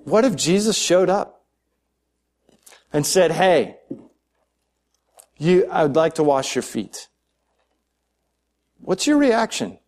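A man giving a conversational sermon as pastor, thinking aloud with restarts and slowing down to stress key words. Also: on the high side, a little mellow. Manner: conversational and searching, with frequent restarts and asides.

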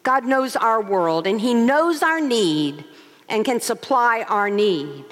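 A woman's voice: on the high side, takes it slowly, faint music behind. A woman co-pastor in her forties preaching a sermon, telling stories and asking rhetorical questions. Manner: expressive storytelling with rhetorical questions. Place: large church sanctuary. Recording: long hall reverb.

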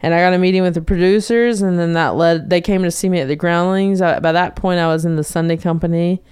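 A woman in her thirties from North Carolina chats as a podcast guest, her voice sitting low and sounding very smooth and resonant. She talks loosely, full of "you know"s and restarts, in a dry, close room. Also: steady tone, quick pace, a little mellow, dry recording. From North Carolina, USA. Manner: chatty, many fillers and restarts. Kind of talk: casual conversation. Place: indoor home studio room.

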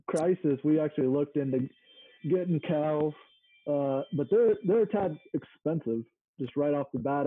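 A small farm owner from Mississippi, United States, talks easygoingly as an interview guest, searching for words along the way. His voice is a little high, with no room sound, and the audio is narrow and phone-like.

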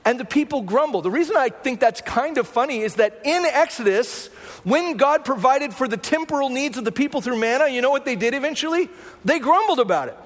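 A man's voice: extremely high pitch, brisk, big-room sound. A man preaching a sermon as pastor, talking through the scripture in a conversational way and often checking in with the congregation. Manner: conversational preaching with rhetorical "right?" asides.

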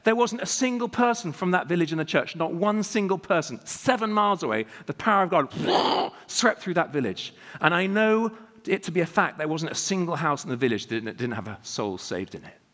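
A man preaching with animated, emphatic storytelling, his voice sitting a little high for a man. He fires off rhetorical questions to the congregation. A long reverb trails each phrase through the large hall. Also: a little fast. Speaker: guest preacher. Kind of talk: sermon.

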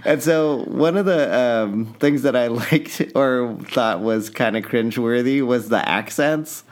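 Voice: medium pitch, measured pace. A podcast co-host chatting casually about a movie in a rambling way, full of fillers and laughter. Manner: rambling, lots of "like" and "um", laughs often. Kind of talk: casual movie review chat.

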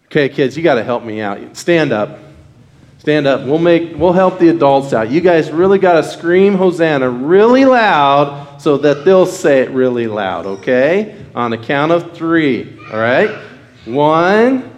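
In a church sanctuary with the congregation, a man wearing a mic leads children in call-and-response and asks them questions during a children's message. His fairly high voice is expressive and a little slow, and the audio sounds dull.

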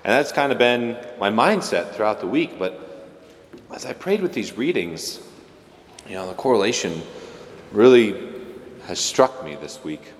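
A man's voice: lowish voice, animated, measured pace, long pauses, big-room sound. A man giving a casual, conversational homily as a priest, with joking asides and playful voices for the people he quotes.

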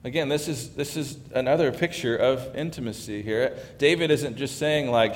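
A man preaching a sermon in a church sanctuary, talking conversationally and dropping to hushed tones when he reads scripture. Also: mid-range voice, normal speed, few pauses, in a large hall, a little hiss or hum. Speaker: pastor.

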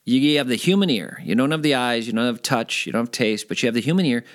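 A former radio host telling stories in a casual interview, animated and rambling, sometimes self-deprecating. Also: male voice, medium pitch, quick pace.

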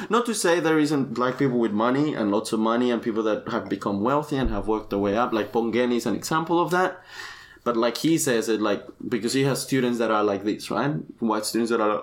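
Male podcast co-host, candid and profane, relaxed storyteller. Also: lowish voice. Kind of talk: casual chat.

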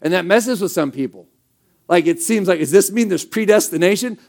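Male pastor, high voice, casual sermon delivery with emphatic rhetorical questions. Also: lively intonation, fairly quick, darkish tone.

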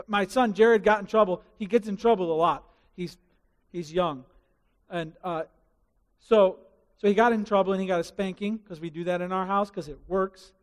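Male pastor, sermon, high voice, animated delivery, acts out scenarios, long reverb.

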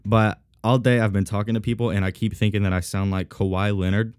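A man's voice: lowish voice, little pitch movement, a little fast, a little mellow, smooth, no echo, clean studio sound. A man hosting a podcast alone, chatting casually in a joking, rambling way, his voice thick and congested from a sinus cold. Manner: joking, rambling, self-mocking. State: congested, sniffly, sinus-deepened voice. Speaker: podcast host. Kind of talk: casual solo podcast chat.

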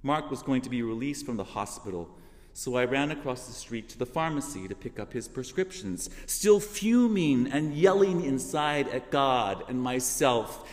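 A man's voice: medium pitch, lively intonation, moderate pace, long reverb tail. Earnest man giving heartfelt testimony. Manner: heartfelt and earnest, swelling into loud emotional emphasis. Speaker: church speaker. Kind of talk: sermon, personal testimony. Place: church sanctuary.

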